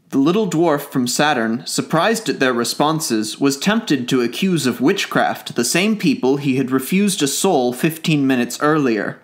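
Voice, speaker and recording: A male audiobook reader telling a classic tale. His delivery is even and clear, at a middling pitch, steady as it moves from one sentence to the next. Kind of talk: classic literature audiobook narration.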